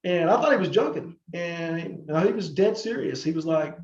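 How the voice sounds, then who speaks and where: A middle-aged man tells long stories as a podcast guest, rambling with fillers and restarts. His voice sits fairly high for a man. The sound is roomy and a little muffled. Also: lively intonation, moderate pace, a little mellow. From North Carolina, USA. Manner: rambling, many fillers and restarts, acts out quoted people. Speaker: podcast guest, former wrestler. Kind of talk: casual interview storytelling.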